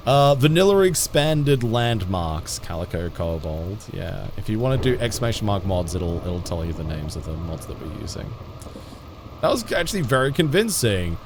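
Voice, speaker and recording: Streaming a game, a man with a lowish voice and big pitch swings talks casually with his viewers. A little hiss or hum sits under the recording. He rambles in a laid-back way, restarts frequently and lets out quick laughs.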